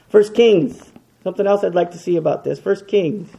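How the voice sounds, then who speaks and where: A man preaching a sermon with passion, swinging between loud, emphatic repetition and hushed, quiet lines. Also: high voice, moderate pace, creaky.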